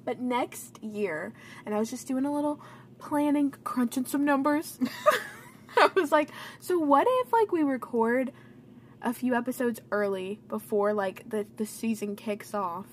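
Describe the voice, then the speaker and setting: Animated higher-voiced young woman podcaster. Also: measured pace, a little hiss or hum. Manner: animated, laughing, dramatic storytelling. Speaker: podcast co-host. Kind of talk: casual chat. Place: dimly lit bedroom.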